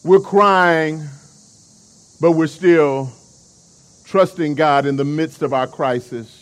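An emphatic male preacher with a somewhat high voice keeps calling on the congregation to answer him. He delivers a sermon with rising and falling intensity. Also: slow pace. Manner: emphatic, with call-and-response to the congregation.

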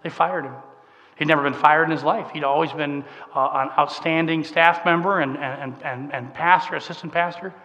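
Midwestern preacher telling a story in a hall. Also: male voice, a little high, fairly even intonation, normal speed, bright, forceful tone, muffled recording. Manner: conversational, emotional, rising to emphatic. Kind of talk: sermon storytelling. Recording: long hall reverb.

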